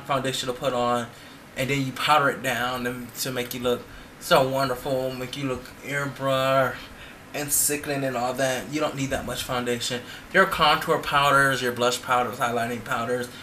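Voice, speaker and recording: Bright-voiced chatty drag makeup vlogger man. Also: medium pitch, a little hiss or hum. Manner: chatty and playful, with sassy asides. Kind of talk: casual makeup tutorial.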